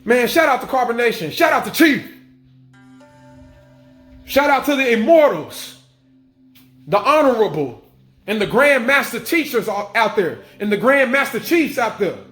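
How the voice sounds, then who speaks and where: A spiritual vlogger with a very high, fairly bright voice speaks to his viewers in an animated but unhurried way, leaving long pauses. His monologue is emphatic and repetitive, restating each point and swearing casually, recorded in an echoey room with faint music.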